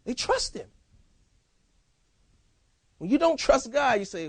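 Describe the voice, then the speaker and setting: A man preaching a sermon as pastor, in a lively, conversational style with casual banter. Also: very high voice, slow pace, slightly rough, no room sound. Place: church.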